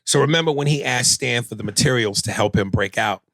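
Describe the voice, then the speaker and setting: A man talking casually on a podcast, walking through a show's scenes at an easy conversational pitch. His voice sits close and dry, with no room sound around it. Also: a little fast, a bit bright, no room sound. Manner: conversational, recaps scenes at length. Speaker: podcast co-host. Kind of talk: casual chat.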